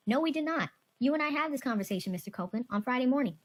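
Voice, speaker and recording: A woman's voice: high-pitched, animated, rapid-fire. A woman prosecutor speaking firmly to a witness in a courtroom exchange, repeating her points with insistence.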